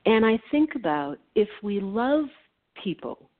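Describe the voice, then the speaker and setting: A woman co-hosting a reflective conversation, earnest and animated, laughing often as she talks. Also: medium pitch, unhurried. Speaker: co-host. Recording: tinny phone-like line.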